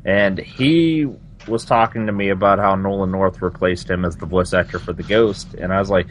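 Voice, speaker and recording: A man's voice: low-pitched, normal speed, few pauses, slight background noise. A man hosting a casual gaming podcast, teasing his co-hosts and steering the talk. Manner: teasing, drives the conversation. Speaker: podcast host. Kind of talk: casual chat.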